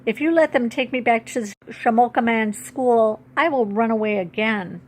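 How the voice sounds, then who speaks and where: A young Ojibwe girl, upset and defiant, pleads in a high, tearful voice, as a woman reads her aloud from a storybook. The delivery is raised and urgent. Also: normal speed, lightly acted. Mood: upset pleading.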